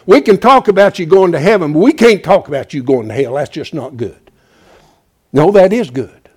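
Fiery high-voiced male preacher. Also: normal speed. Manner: emphatic, swings from loud urging to quiet pleading; repeats "bless God" as a filler. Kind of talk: fiery sermon.

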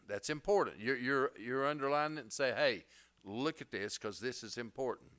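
A man's voice: fairly low pitch, normal speed, fairly bright tone, smooth. A middle-aged male pastor preaching a sermon, folksy and plainspoken, rising to emphatic bursts.

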